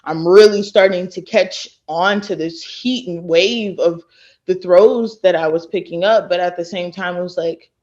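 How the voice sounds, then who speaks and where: A woman in her late twenties from Texas, a podcast guest who tells stories in a lively way and acts out what others said. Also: on the low side, measured pace. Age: late 20s. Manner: animated storyteller who acts out quoted people. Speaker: guest, former college thrower. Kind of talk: casual podcast interview. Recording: dull lo-fi sound.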